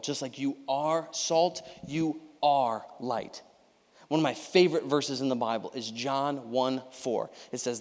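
Energetic young pastor preaching in a reverberant hall. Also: male voice, medium pitch, measured pace. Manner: energetic, conversational, lots of "you know what I mean, right?". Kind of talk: sermon. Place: church sanctuary.

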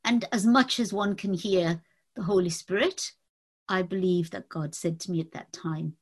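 A woman earnestly telling a personal faith testimony, reflective and halting with fillers. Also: fairly low pitch, steady tone, breathy edge. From Indian family. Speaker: testimony speaker.

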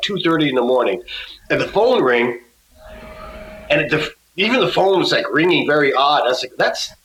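A male guest musician telling a casual story in a halting way, with many restarts and laughs. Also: fairly high pitch, fairly bright tone, echoey room, slight background noise, low-quality recording.

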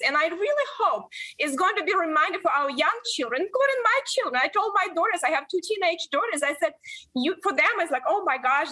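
A woman in her forties answering interview questions earnestly, often halting and restarting her sentences. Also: high voice, pushed and bright. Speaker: guest, member of Congress.

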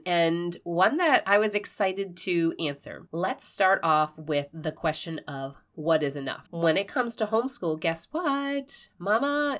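A woman hosting a homeschooling podcast, giving casual, encouraging advice straight to listeners with a stuffed-up nasal and breathy voice. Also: on the low side. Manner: warm, encouraging, direct-to-listener.

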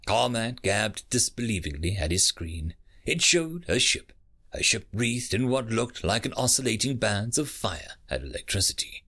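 Brief: male audiobook narrator for sci-fi shorts. Gravelly, lively intonation. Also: fairly low pitch, normal speed, few pauses. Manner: steady storytelling. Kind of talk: scripted narration.

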